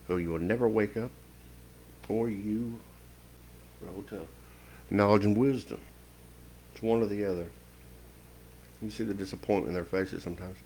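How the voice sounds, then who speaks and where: A man giving a slow, stern spiritual lecture with long pauses, preaching in a measured voice. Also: fairly low pitch, darkish tone, slight background noise, low-quality recording. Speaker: occult teacher.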